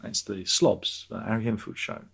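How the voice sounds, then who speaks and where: A man's voice: lowish voice, fairly even intonation, normal speed, vocal fry, fairly bright tone, husky. A man hosting a livestream, rambling sardonically while reading out chat comments. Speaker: livestream host.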